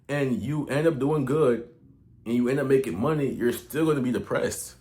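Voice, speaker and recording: Young male online coach, unscripted talk-to-camera vlog, heavy slang and cursing, restarts often, swings from mumbling to loud. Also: on the high side, normal speed. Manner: slangy, profane, rambling with restarts and swings in loudness. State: out of breath. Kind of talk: casual motivational rant to camera.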